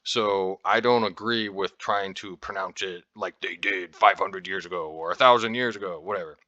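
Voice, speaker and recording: This American podcast host rambles informally as he explains things casually, full of fillers and restarts, now and then swearing. His voice sits low, bright and forceful, at a moderate pace. The recording is muffled, with no room sound.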